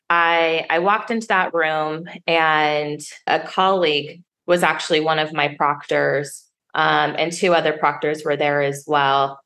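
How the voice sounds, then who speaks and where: A woman's voice: deep voice, fairly bright tone. A woman sommelier in her thirties, frankly telling a personal story in an interview, swearing and acting out the voices of others. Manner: frank and emotional, swears, acts out quoted dialogue. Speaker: sommelier guest.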